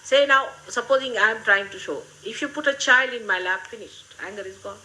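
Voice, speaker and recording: An older woman, giving a gently humorous, motherly spiritual talk to her followers. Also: on the high side, fairly quick, rough recording. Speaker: spiritual teacher.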